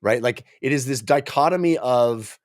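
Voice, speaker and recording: A man's voice: mid-range voice, normal speed. A man co-hosting a film review podcast, ranting in exasperated disbelief in casual chat. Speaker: podcast co-host.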